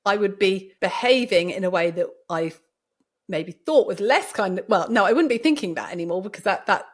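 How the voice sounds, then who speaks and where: A woman hosting a podcast, talking casually and telling stories in a lively way with many restarts. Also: medium pitch, moderate pace. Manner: lively storytelling with frequent restarts. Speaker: podcast host and doctor. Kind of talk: casual conversation.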